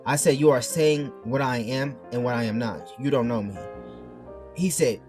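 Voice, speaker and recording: A man talks casually to his viewers at a middling pitch, rambling as he reads chat messages aloud and argues back. His mic is turned the wrong way, and faint music plays behind him. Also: normal speed, darkish tone. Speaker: streamer. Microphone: mic turned backwards.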